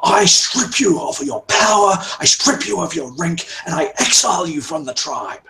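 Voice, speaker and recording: A man voicing an enraged tribal grand chief who shouts in fury during a tabletop game. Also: sits high, expressive, moderate pace, gravelly, echoey room, pitched above the performer's own voice, exaggerated voice. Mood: furious. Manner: shouting, furious.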